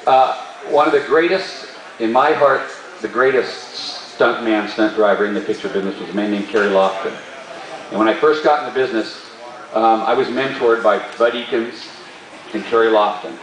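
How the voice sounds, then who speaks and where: A man, a stunt performer, telling a story at a live Q&A in an animated way and laughing often. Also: on the low side, moderate pace. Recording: roomy hall, distant mic.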